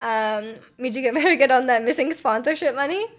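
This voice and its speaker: A woman in her twenties chatting casually on a live stream, answering chat and thinking out loud with a giggly, rambling manner. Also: sits high, a little fast.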